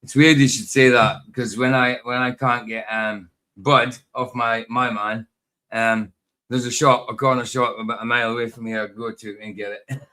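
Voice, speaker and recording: A man hosting a podcast in casual chat, laid-back and quick to laugh. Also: mid-range voice, flat delivery, sharp tone. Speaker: podcast host.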